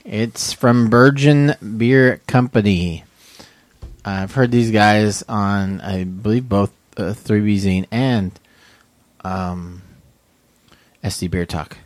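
A man's voice: fairly low pitch, slow, no echo. A man hosting a beer podcast in casual chat, chatty and laughing easily. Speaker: podcast host.

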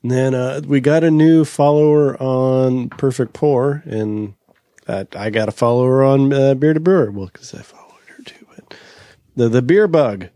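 A man co-hosting a casual podcast, easygoing and quick to laugh. His voice sits mid-range and dry, close to the mic. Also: medium pitch, warm tone, no room sound. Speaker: podcast co-host. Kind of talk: casual chat.

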